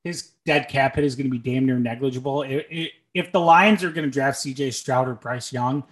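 A man's voice: mid-range voice, brisk. A young man co-hosting a podcast, making dry sarcastic jokes between thoughtful takes, with frequent ums and uhs. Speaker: podcast co-host. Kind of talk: casual sports and movie chat.

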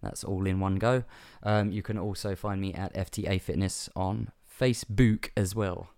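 A man's voice: deep voice, fairly even intonation, normal speed, darkish tone. A young man co-hosting a casual podcast, joking and laughing often as he signs off. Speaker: podcast co-host.

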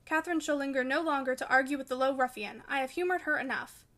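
A woman reading the part of a stiff, indignant gentleman master of the house in an audiobook. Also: high voice, quick pace. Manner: indignant and commanding.

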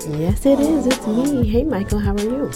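A woman's voice: a little high, expressive, normal speed, over music. An American woman guesting on a casual podcast, blunt and playful. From United States.

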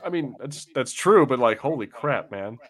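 A man's voice: medium pitch, animated, normal speed. A man hosting a casual podcast chat, teasing the guests with mock outrage. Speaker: podcast host.

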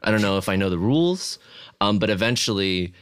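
Low-voiced young man telling stories. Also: animated, brisk, a crowd in the background. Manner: self-deprecating storyteller, drops to a hush for punchlines. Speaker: podcast co-host. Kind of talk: casual chat.

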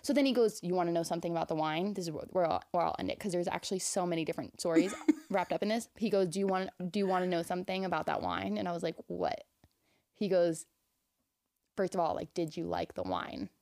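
A woman co-hosting a podcast, telling a story in a casual, chatty way with lots of filler words, animated and incredulous, often laughing. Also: on the low side. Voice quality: fast, chatty, packed with "like" fillers. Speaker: podcast co-host.

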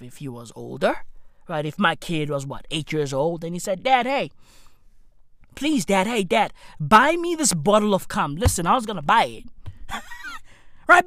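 A man's voice: high-pitched, no echo, clean studio sound. A young man doing a profane, rambling comedic monologue as a podcast host, tagging his lines with "right?". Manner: animated, swings up into shouts.

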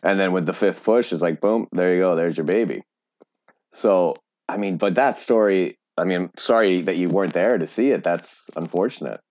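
A man hosting a casual chat, relaxed and supportive as he shares his own story. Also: deep voice, moderate pace, no echo, highs cut off.

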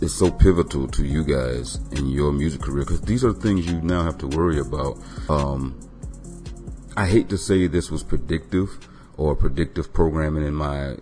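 A man's voice: a bass voice, darkish tone. A man hosting his own music podcast, talking loosely with many ums and uhs. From Florida. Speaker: podcast host. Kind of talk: casual podcast monologue.

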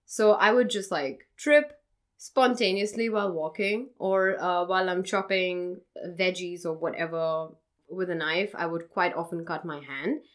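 A woman's voice: on the low side, measured pace. Young woman, podcast guest, chatty and candid, casual swearing. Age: young adult.

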